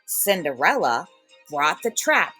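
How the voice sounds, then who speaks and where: A woman teacher reading a fairy tale aloud for a lesson, slow, expressive and clearly enunciated. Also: deep voice, dry recording, faint music behind, low-quality recording. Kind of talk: storybook read-aloud lesson.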